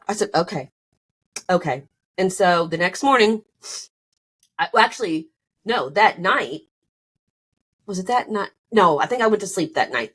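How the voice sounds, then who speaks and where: A woman's voice: medium pitch, a bit bright. A woman in her thirties telling a personal story in a casual, emotional, rambling way, with many fillers and restarts.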